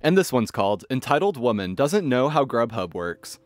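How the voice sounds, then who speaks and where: A man narrating online stories in an expressive, scripted storytelling manner. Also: mid-range voice, normal speed. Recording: faint background music. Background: faint music.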